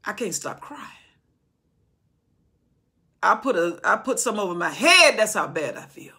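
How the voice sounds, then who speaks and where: A woman preacher teaches scripture with fervent, conversational energy, circling back and repeating words as she builds her point. Her voice is bright and forceful, with a husky grain. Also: mid-range voice, sing-song, unhurried. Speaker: Bible teacher. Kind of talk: impassioned Bible study sermon.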